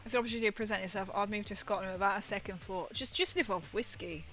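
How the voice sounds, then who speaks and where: A woman's voice: medium pitch, very fast, fairly bright tone, low-quality recording. A woman with a northern English accent chatting playfully with her stream while painting, laughing often. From northern England. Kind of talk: casual livestream chat while painting. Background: faint music.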